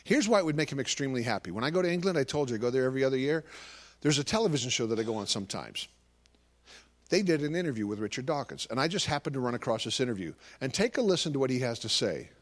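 Animated man speaking to an audience. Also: medium pitch, racing. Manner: animated storytelling, acting out conversations. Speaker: Christian ministry speaker. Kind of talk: live talk to an audience.

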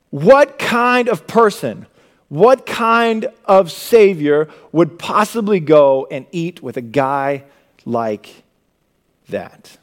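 Young guy preaching, highish voice, goes big then drops real quiet. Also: lively intonation, takes it slowly. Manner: dynamic preaching, swinging from loud emphasis to hushed low tones. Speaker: pastor. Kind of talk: sermon.

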